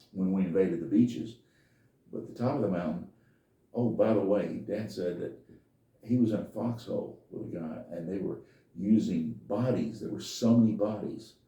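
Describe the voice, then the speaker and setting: Low, dark-voiced older man rambling. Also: muffled recording. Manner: folksy, meandering, plain-spoken. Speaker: podcast host. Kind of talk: rambling personal storytelling. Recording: echoey room, distant from mic.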